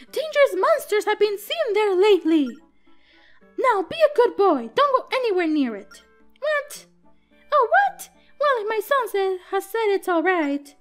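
A woman reading aloud as a worried village mother from a game. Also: full character voice. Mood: pleading. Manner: high, earnest reading voice. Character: weary middle-aged village mother, worried.

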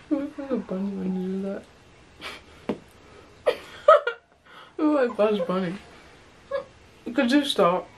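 A woman's voice: mid-range voice, animated, darkish tone, a little hiss or hum. A young woman hosting a casual eating video at home, playful and joking. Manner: playful, joking, quick to laugh. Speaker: host. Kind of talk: casual chat. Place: home, indoors. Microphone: phone camera.

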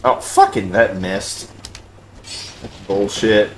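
A man playing a video game live, cursing often and breaking into loud, high-pitched outbursts. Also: huge pitch swings, drawn-out words, slight background noise. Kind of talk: swearing live game commentary.

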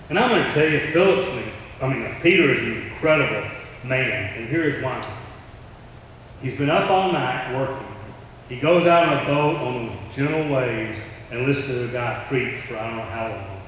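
A man's voice: medium pitch, lively intonation, moderate pace, a bit bright, a little hiss or hum. Man, middle-aged, storytelling sermon, very echoey church hall, distant mic. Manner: storytelling, acting out quoted voices. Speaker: preacher.

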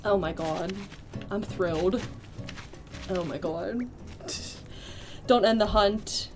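Soft background music plays as a young woman streams a video game live, her mid-range voice bubbling with excitement, quick squeals, and laughter while she chats with viewers.

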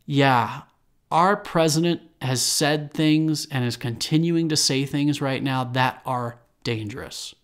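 A man's voice: medium pitch, slow pace, clear, resonant tone. A young man hosting a solo podcast, talking earnestly with restarts and fillers. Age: young adult. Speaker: podcast host.

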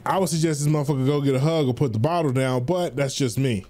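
A man streaming a game, teasing his friends loudly and swearing a lot. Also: medium pitch, fast, faint music behind. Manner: profane, loud teasing. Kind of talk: casual gaming chat.

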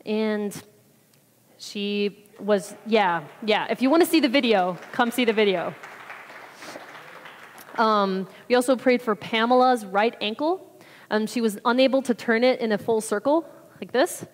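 In a church sanctuary, a woman gives a chatty, rambling report on a mission trip as casual testimony, acting out what people said. Her voice is on the high side and a little slow, and the hall is reverberant.

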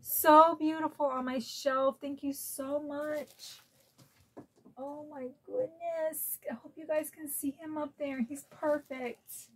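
Gushing, slow-talking woman from Florida. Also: high voice, steady tone, fairly bright tone. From Florida, USA. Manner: gushing, emotional, easily moved to tears. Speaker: collector vlogger. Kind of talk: gift unboxing vlog.

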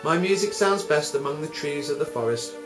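A man's voice: on the high side, lively intonation, a little fast, close to an everyday voice. Sweet humble little songbird, voiced by a man, light and raised, with echo and music behind. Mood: modest. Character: tiny modest nightingale, sweet and humble.

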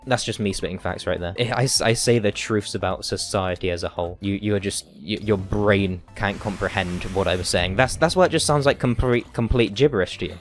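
A man's voice: on the low side, a little fast, hardly any pauses, soft background music. Man streaming, mock-dramatic whining. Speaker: game streamer. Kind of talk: casual live-stream chat while gaming.

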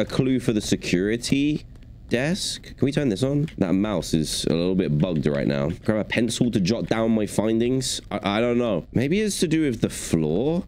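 Animated man doing playful game commentary. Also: fairly low pitch, slight background noise. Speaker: gaming YouTuber. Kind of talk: gaming commentary.

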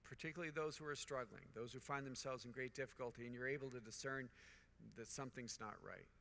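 A man's voice: mid-range voice, fast, vocal fry, fairly bright tone, long reverb tail, slight background noise. A middle-aged man, a priest, preaching a conference homily to fellow priests in an earnest, repetitive cadence, telling anecdotes. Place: large conference hall.

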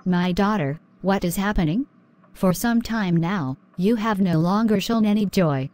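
A woman voicing a caring mother in an animated drama, protective and indignant. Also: medium pitch, unhurried, close to an everyday voice. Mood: concerned.

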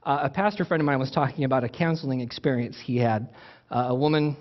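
A man's voice: medium pitch, fast, highs cut off. A man preaching a sermon in a conversational, teaching way, often restarting his phrases. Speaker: pastor.

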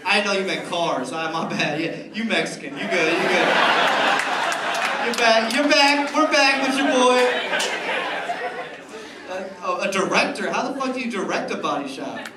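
Male comic, high voice, loose teasing crowd work; live club, echoey and distant, loud crowd. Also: lively intonation, moderate pace, long pauses. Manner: loose, teasing banter with the audience. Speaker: stand-up comedian. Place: comedy club stage before a live audience. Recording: roomy live club sound, crowd noise.

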